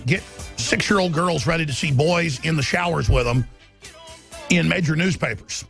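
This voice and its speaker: A man hosting a talk radio show, delivering an impassioned, ranting monologue that keeps rising to shouts. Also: a little high, vocal fry, dry recording.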